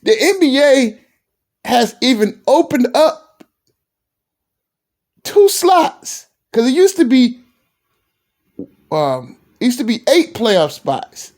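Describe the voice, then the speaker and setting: A man from Virginia ranting in a sports vlog, fired up and repeating himself, sometimes dropping low and emotional. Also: big pitch swings, takes it slowly, long pauses, darkish tone. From Virginia, USA. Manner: fired-up and repetitive, stumbles over restarts; drops low and emotional at times. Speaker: sports commentary vlogger.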